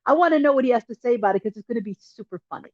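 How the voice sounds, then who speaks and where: A woman journalist hosting a casual interview over a video call, talking in quick, animated bursts of enthusiasm. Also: fairly high pitch, dry recording. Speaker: journalist host. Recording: dull, dry lo-fi call audio.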